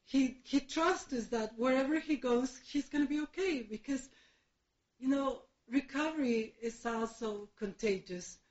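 A woman in her fifties giving a personal testimony at a recovery meeting, candid and laughing often, with halting restarts. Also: high-pitched, darkish tone. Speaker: recovery speaker. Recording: roomy hall, dull sound.

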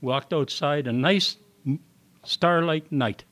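A man's voice: fairly high pitch, slow pace, fairly bright tone. An older man telling a personal testimony to an audience in a meeting hall, with plain folksy storytelling and acted-out dialogue. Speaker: recovery meeting speaker.

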